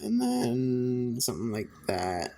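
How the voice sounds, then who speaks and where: A man's voice: medium pitch, huge pitch swings, slow, warm tone. A man designing on a computer, thinking aloud in a casual, self-deprecating way. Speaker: designer narrating his work. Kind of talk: casual screen-recording commentary.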